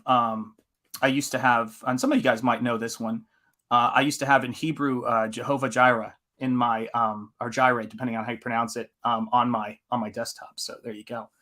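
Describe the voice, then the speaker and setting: A man's voice: mid-range voice, sharp tone. A man from the American South hosting a live stream, chatting casually and laughing often. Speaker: host of a live painting stream. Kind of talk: casual chat while reading stream chat.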